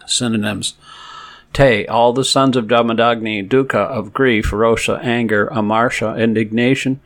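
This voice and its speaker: A man reading scripture verses aloud. He recites each verse slowly, then gives word-by-word glosses and a translation in a measured way. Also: medium pitch, fairly even intonation, fairly bright tone. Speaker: scripture reader.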